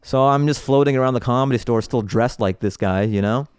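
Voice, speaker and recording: A man's voice: medium pitch, fairly quick, clean tone, no echo, clean studio sound. A man who is a comedian guest, telling stories in casual podcast chat and laughing often. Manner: animated storyteller, laughs often.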